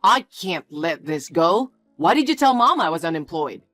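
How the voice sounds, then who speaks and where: A woman's voice: lowish voice, very animated, normal speed, fairly bright tone, no echo, faint music behind. A woman voicing a defensive, bossy young man who talks in a curt, scolding way. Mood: irritated.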